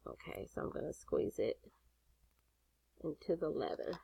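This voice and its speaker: Sassy chatty woman with lively pitch. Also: slow pace, creaky, long pauses, slightly rough. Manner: sassy, chatty, swears casually. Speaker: jewelry-making instructor. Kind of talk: casual craft tutorial.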